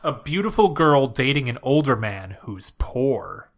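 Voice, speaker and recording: A man's voice: mid-range voice, big pitch swings, unhurried. A man co-hosting a podcast, casually recapping film scenes in a dry, wry way. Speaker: podcast co-host. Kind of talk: casual chat reviewing a film.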